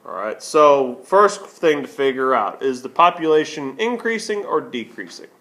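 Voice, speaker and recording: A man's voice: medium pitch, big pitch swings, moderate pace, fairly bright tone. Man teaching math, asking his own questions. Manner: asks questions and answers them himself, with frequent okays. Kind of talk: screencast lesson explaining on a tablet.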